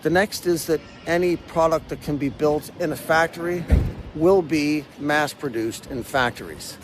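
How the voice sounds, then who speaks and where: This is a man narrating a business report in a measured, explanatory tone. His voice sits a little high for a man, and a faint noise runs under it. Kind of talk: documentary narration. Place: factory in southern China.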